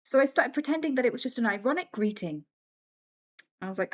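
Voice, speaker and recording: A woman's voice: a little high, fast talker. A woman live streamer in casual chat, answering viewer questions candidly and acting out other people's voices as she tells stories. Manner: animated storyteller who acts out other voices; candid, swears freely.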